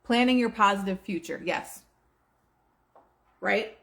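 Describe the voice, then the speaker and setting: A woman hosting a live stream, chatting casually and teaching about manifesting, with a relaxed manner full of fillers. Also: medium pitch, takes it slowly, vocal fry. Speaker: host of a manifesting livestream. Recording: roomy echo.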